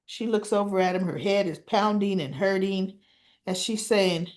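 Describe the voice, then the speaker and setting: A woman's voice: medium pitch, moderate pace, darkish tone. A woman hosting a casual soap opera recap, retelling scenes with "he says, she goes" and chatty asides to her viewers.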